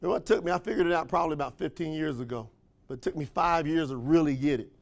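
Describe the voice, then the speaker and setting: A man giving an energetic motivational speech to a live audience, throwing call-and-response questions to the crowd in folksy, slangy language. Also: on the high side, fast talker. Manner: folksy, slangy phrasing with frequent laughs. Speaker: motivational trainer for a sales company.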